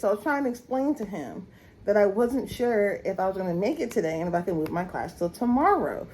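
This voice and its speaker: A woman's voice: brisk, poor audio. A young woman chatting casually to camera at home, laughing at herself and joking as she goes. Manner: animated, laughing at herself, swooping high when teasing. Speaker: vlogger. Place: at home, moving between rooms.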